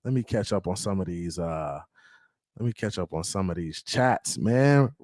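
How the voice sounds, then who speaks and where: A man's voice: low-pitched, lively intonation, moderate pace, a little mellow, dry recording. A man hosting a casual sports fan livestream, reading out chat messages and greeting viewers by name in hyped, slangy talk. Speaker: fan podcast host reading live chat.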